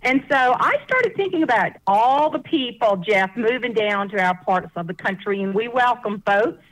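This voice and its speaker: A woman's voice: a little high, expressive, moderate pace, low-quality recording. A woman from the American South with a Southern accent, a guest author telling folksy stories on a radio show. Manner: folksy, laughs often, chatty. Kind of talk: casual interview storytelling.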